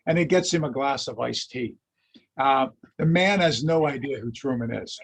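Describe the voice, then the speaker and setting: A man lecturing on history, telling anecdotes in a lively storytelling way and acting out the quotes. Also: mid-range voice, moderate pace, gravelly, breathy edge. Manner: animated storyteller, acts out quotes. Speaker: lecturer and teacher.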